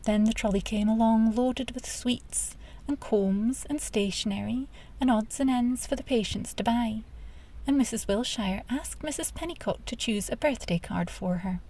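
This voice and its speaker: Gentle woman reading a children's book. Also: fairly high pitch, moderate pace, slight background noise. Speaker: audiobook narrator. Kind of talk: scripted children's book narration.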